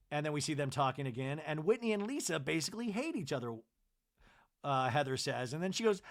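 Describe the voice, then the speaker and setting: A man's voice: a little high, expressive, fairly quick. A man from New Jersey hosting a comedy podcast, recapping a TV episode in a rambling, sarcastic way full of asides. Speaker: podcast host.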